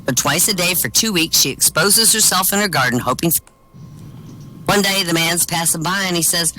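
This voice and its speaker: Lively, bright-voiced man telling jokes. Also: on the high side, moderate pace, slight background noise, low-quality recording. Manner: chuckles at own punchlines, animated storytelling. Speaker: comedian at an open-mic show. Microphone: online voice chat.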